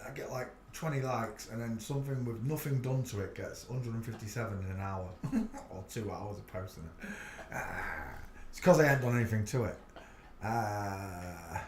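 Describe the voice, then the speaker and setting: A man's voice: mid-range voice, darkish tone, roomy sound, a little hiss or hum. Rambling man hosting a livestream. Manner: rambling, greets viewers by name, mutters to himself. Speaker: livestream host. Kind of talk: casual livestream chat.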